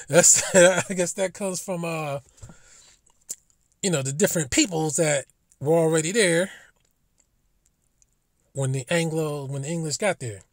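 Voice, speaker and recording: A man's voice: fairly high pitch, moderate pace, pauses often, no echo, clean studio sound. A man giving a casual commentary monologue as a vlogger, profane and emphatic, with indignant rhetorical questions.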